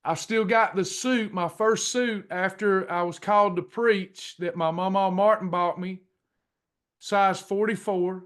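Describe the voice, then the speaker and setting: A middle-aged man telling a personal testimony to a class in a folksy, drawn-out way, acting out the dialogue. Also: sits high, fairly even intonation, a bit bright, clear, resonant tone. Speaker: pastor and weight-loss class leader.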